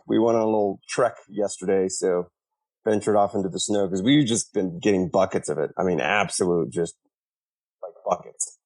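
A man's voice: on the low side, darkish tone, low-quality recording. An easygoing man co-hosting a podcast, chatting casually about his time at home. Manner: laid-back, easygoing. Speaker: podcast co-host. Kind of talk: casual chat.

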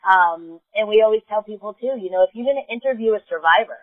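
A woman's voice: mid-range voice, quick pace, no room sound. New York woman on a phone line. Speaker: guest, advocacy organization co-founder. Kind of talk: earnest podcast interview.

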